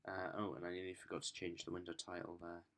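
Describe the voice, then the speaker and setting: A man's voice: deep voice, level tone, fast talker, very noisy. A man talking informally through a screen-recorded coding tutorial, thinking aloud with frequent ums and self-corrections. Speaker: student developer demonstrating software.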